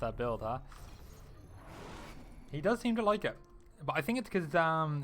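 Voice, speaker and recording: A young man giving solo live commentary on a strategy game match, excitable and quick to react, with frequent laughs. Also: medium pitch. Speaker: esports caster.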